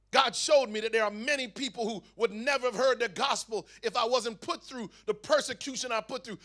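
Bright high-voiced male preacher telling his story. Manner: lively storytelling, acting out dialogue. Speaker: guest speaker giving his testimony. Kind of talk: testimony sermon to a youth audience. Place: camp meeting venue.

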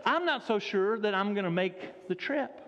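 A man's voice: high voice, animated, normal speed, a bit bright, big-room sound, dull audio. A preacher telling a story and voicing a weary male monk who keeps complaining in a whiny, exaggerated way.

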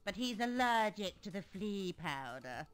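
A woman's voice: mid-range voice, very animated, measured pace, clear, resonant tone. An actress voicing a haughty older society lady in an adventure game, with a condescending manner and faint game music behind. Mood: fussy. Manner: snobbish, condescending.

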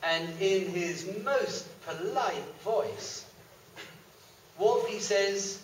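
A man's voice: high voice, extremely slow, slight background noise. A man reading a children's story aloud on stage, playful and full of joking asides. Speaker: storyteller at a variety show. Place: stage in a hall. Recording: echoey hall from far off.

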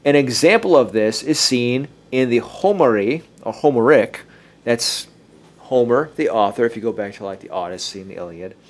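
A man's voice: medium pitch, expressive, moderate pace. A man co-hosting a casual podcast, joking and stumbling a little as he reads from his notes. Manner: jokey, stumbles while reading aloud. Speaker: podcast co-host. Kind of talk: casual chat, reading from notes.

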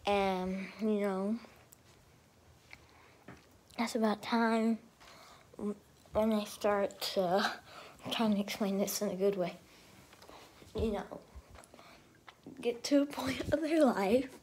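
A woman talking to camera in a rambling, profane vlog rant, swinging between loud outbursts and half-whispered asides. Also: medium pitch, slight background noise. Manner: profane and ranting. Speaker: vlogger.

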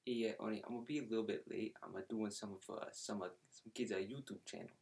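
Speaking fast in a lowish, steady, slightly mellow voice with some creak, a man performs a comedy phone-call skit as a wealthy, brash football fan. He uses a fake New York accent, bragging, dismissing others and rambling full of fillers.

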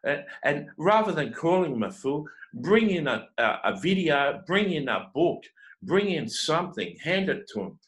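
A man preaching a confrontational sermon, his fairly high voice swinging widely in pitch. He scolds the listener with run after run of rhetorical questions and often restarts his sentences on a repeated word. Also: sing-song, normal speed, a bit bright, low-quality recording. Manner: repeats words when starting sentences. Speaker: self-described prophet and teacher.

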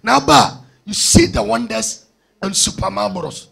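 A man's voice: high voice, normal speed, vocal fry, fairly bright tone, husky. A man leading a church testimony session as pastor, exhorting, chanting and calling out to the congregation. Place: church service.

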